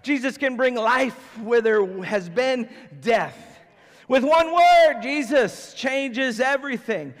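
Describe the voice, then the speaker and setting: A man's voice: very high-pitched, expressive, slow, hardly any pauses, a bit bright, big-room sound. A man preaching a sermon as pastor, conversational and emphatic, often acting out how people would react. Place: church sanctuary.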